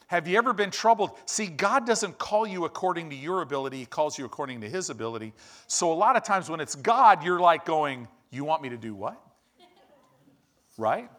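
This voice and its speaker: Male pastor delivering a lively sermon; higher-pitched, fast at times. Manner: animated, exclamatory, quick asides. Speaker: preacher.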